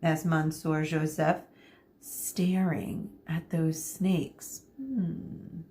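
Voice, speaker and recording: A middle-aged woman teacher reading a children's book aloud to her students, expressive and explaining as she goes. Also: on the low side, a little slow. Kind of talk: read-aloud narration for students.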